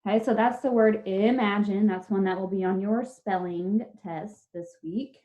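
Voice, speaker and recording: A woman's voice: mid-range voice, normal speed, dark tone. A woman teacher giving a patient, step-by-step spelling lesson to children over a video call, sounding out each syllable and letter. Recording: dull lo-fi video call audio.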